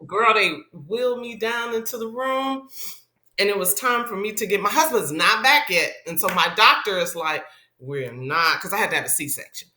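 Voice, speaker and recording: A woman's voice: medium pitch, normal speed, sharp tone, reverberant. A middle-aged woman, a radio personality, telling a personal story in a casual interview and acting out the people she quotes.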